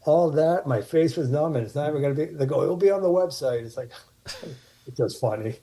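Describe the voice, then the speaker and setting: Man with a very dark voice, rambling stories. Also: fairly high pitch, normal speed. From Martha's Vineyard, USA. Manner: rambling anecdotes with many restarts. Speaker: podcast guest, actor. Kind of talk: casual storytelling.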